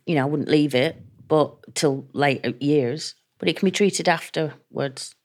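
A chatty woman talks openly as an interview guest, her voice sitting a little low. She brings stories to life by slipping into the voices of the people she quotes. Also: a little slow, a little mellow. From England. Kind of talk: candid interview conversation.

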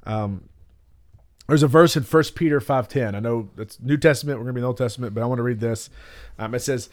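A man's voice: medium pitch, quick pace, a little mellow. Rambling storytelling man on a podcast. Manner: rambling storyteller, acts out quotes with many "like"s. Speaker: podcast co-host. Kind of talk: casual chat and Bible teaching.

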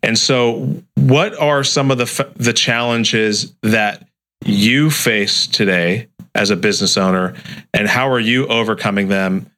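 A man's voice: fairly low pitch, a little slow, pushed and bright. A man hosting a podcast interview, enthusiastic and casual, often repeating words. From United States. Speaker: podcast host.

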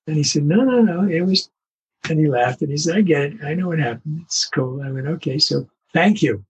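An older man, a veteran voice actor, telling stories in an interview with lively acted-out quotes. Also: on the high side, a little fast, husky, low-quality recording. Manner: animated anecdotes, acts out quoted voices. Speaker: voice actor guest. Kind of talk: storytelling interview.

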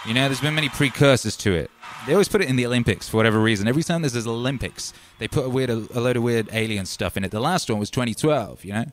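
A man hosting a casual livestream, talking animatedly and swinging from loud shouts to low mutters. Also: quick pace, few pauses, slight background noise. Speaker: livestream host and musician.

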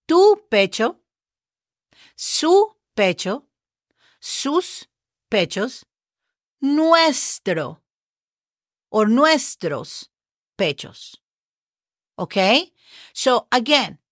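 Podcast host, woman; upbeat, encouraging teacher, higher voice, dry close recording. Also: fairly bright tone, no echo. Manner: chatty and encouraging, spells words letter by letter. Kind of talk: relaxed podcast language lesson.

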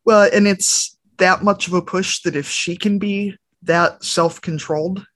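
A woman's voice: on the low side, steady tone, measured pace, a bit bright, no room sound. A woman co-hosting a podcast, telling candid, chatty stories about family life. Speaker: podcast co-host. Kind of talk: casual podcast conversation.

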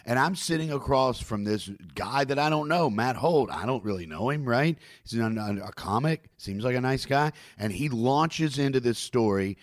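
A man's voice: medium pitch, lively intonation, moderate pace, few pauses, dry recording, clean studio sound. A man hosting a casual chat, cutting in with wry remarks.

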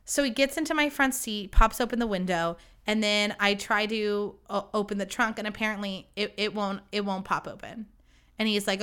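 Bright, chatty young woman podcaster. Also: mid-range voice, normal speed, clean tone. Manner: chatty, self-deprecating, swears freely. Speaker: podcast host. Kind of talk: casual storytelling monologue.

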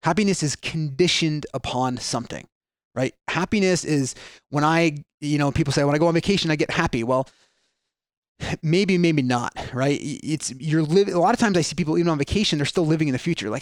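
Speaking briskly in a fairly high voice, a man appears as a mindset guest on a casual podcast, working through ideas aloud. He tells stories with animation, voices the people he quotes, and often starts sentences over; the studio sound has no echo.

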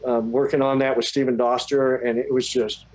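A man's voice: mid-range voice, flat delivery, normal speed, darkish tone, poor audio. A man telling a long story as a guest, rambling and restarting his sentences. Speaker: guest musician. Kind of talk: casual storytelling.

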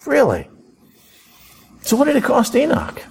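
A man preaching a sermon in an animated way, acting out prayers and quoted thoughts as he goes. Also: very high-pitched, a little slow, creaky, husky. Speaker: pastor.

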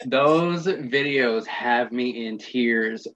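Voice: medium pitch, drawn-out words, fairly bright tone. A host chatting casually, amused and laughing along. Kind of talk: casual chat. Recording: dull lo-fi sound.

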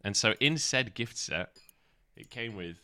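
A man hosting a casual live stream chat, playful and quick to laugh. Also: mid-range voice, lively intonation, bright, forceful tone, dry recording. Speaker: host.

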